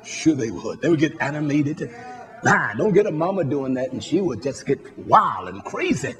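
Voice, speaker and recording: A male preacher with a high voice that leaps widely, delivering a fervent sermon. He talks bluntly, swears freely, and climbs into shouts at the peaks. His pitch swoops all over as he drives each point home. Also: very animated, moderate pace.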